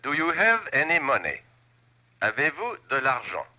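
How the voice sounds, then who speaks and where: Sprachkurs-Stimme einer Platte. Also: male voice, medium pitch, wildly swooping pitch, bright, forceful tone, lo-fi sound, heavily acted. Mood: drilling. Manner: slow, deliberate drilling. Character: French language record teacher, man. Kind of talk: language lesson record.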